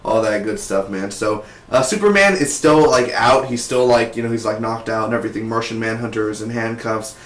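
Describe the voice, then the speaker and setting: A young man recapping a TV episode in casual, excitable, slangy speech with lots of fillers. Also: lowish voice, fairly quick, few pauses. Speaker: TV show reviewer. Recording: roomy echo.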